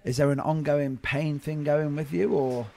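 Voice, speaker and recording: A man's voice: a little high, flat delivery, normal speed, gravelly, darkish tone. A man hosting a podcast, brash and joking, swearing freely in casual interview chat. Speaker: podcast host.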